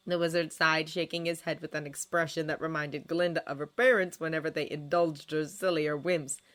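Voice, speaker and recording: A woman reading a fanfiction story aloud, with measured, expressive narration. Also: sits low. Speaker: fanfiction reader.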